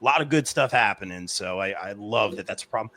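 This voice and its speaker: A man's voice: fairly low pitch, expressive, fast talker, sharp tone. A man hosting a live wrestling podcast stream, chatting casually and reading viewer comments aloud. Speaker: podcast host.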